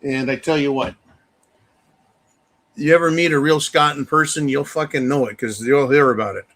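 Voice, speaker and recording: A man's voice: medium pitch, normal speed, fairly bright tone. A man hosting a live talk stream, ranting bluntly with profanity and speaking straight to his viewers and donors. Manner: addresses viewers directly. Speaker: livestream host reading viewer donations. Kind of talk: casual ranting talk show.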